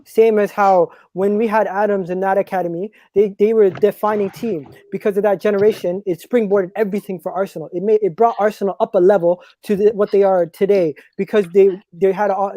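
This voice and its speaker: A man's voice: high-pitched, fairly even intonation, fast talker, hardly any pauses, mellow, no echo. A man arguing his point earnestly in a casual debate, with stumbling restarts. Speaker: debate guest.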